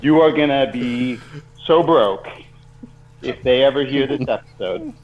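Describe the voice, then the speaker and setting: A man's voice: mid-range voice, a little slow, dull audio. A man co-hosting a talk show, teasing and needling the host in casual banter.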